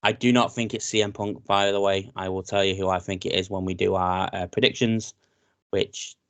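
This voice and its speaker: A British man co-hosting a casual wrestling podcast, chatty and excitable, often saying "mate". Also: sits low, no echo. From Britain. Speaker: podcast co-host.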